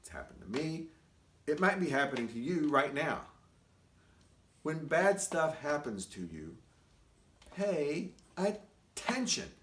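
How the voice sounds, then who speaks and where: A man pastor telling a joke-story in sermon style, with an animated, dramatic build. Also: fairly high pitch, slow, pauses often. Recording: echoey room, mic far off.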